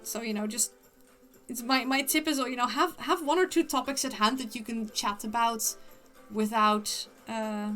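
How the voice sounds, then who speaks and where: Chatty woman streamer, slightly high voice. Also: normal speed, fairly bright tone, soft background music. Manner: rambling, many fillers and restarts, chatty. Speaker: livestreamer. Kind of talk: casual chat.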